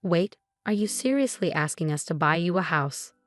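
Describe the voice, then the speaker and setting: Woman doing a fed-up young husband, sharp and incredulous, low voice. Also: animated, normal speed, no room sound, studio quality, lightly acted.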